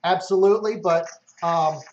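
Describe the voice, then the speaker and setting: A man's voice: high voice, moderate pace, lo-fi sound, slight background noise. A man hosting a casual livestream, reading out and answering viewer comments. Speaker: livestream host.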